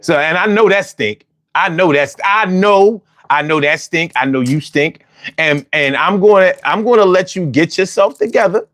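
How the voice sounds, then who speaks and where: A man hosting a call-in show in casual chat, loud, profane and teasing, repeating himself often. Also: high voice, animated, normal speed, no room sound.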